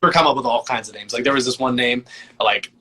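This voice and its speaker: A man's voice: medium pitch, quick pace, pushed and bright, husky. Easygoing young man, rambling chat. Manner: laid-back, rambling, many "like" fillers. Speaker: voice actor and musician guest. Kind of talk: casual interview chat.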